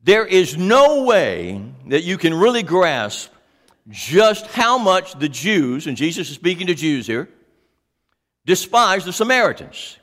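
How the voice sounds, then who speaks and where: A male pastor delivers a sermon in a high voice that swings widely up and down. He takes his time, leaning on each phrase and turning to his listeners with questions. A long hall reverb trails every word. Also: takes it slowly. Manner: animated, asks the congregation questions.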